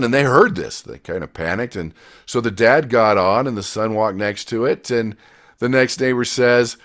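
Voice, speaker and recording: Energetic man coaching a class. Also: mid-range voice, moderate pace. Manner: energetic, storytelling, swings between loud emphasis and quiet asides. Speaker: success coach. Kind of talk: motivational class talk.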